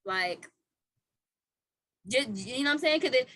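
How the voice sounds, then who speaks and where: A woman hosting a podcast, a parent talking in a blunt, profane, animated way in casual chat. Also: high-pitched, moderate pace. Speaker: podcast host.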